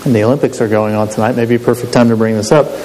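Talking very fast in a warm, steady, medium-pitched voice, a man gives a conversational sermon and repeatedly asks his audience to agree. Long hall reverb and faint hiss color the recording.

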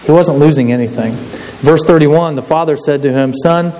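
A man's voice: on the high side, fairly quick, warm tone. A man preaching a sermon in a conversational way, often asking his listeners to agree. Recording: long hall reverb with faint hiss.

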